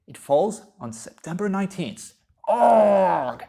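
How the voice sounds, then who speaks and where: A man, a history professor, giving a recorded lecture and telling stories lively, with rhetorical questions. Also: a little high, normal speed, creaky.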